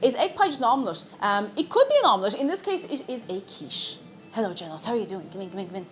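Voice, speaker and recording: A woman's voice: medium pitch, big pitch swings, rapid-fire. A young woman chatting playfully with her viewers as she cooks in her kitchen on a live stream. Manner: chatty, playful, repeats words for fun. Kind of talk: casual chat while cooking on a live stream. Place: home kitchen. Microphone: desk microphone. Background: background music and frying sizzle.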